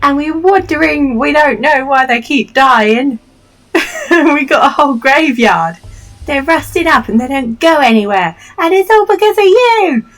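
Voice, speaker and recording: A woman's voice: sits high, expressive, a little slow, fairly bright tone, voice pushed up. A woman voicing a cheeky young child who is stubborn and accusing in a childish, insistent way.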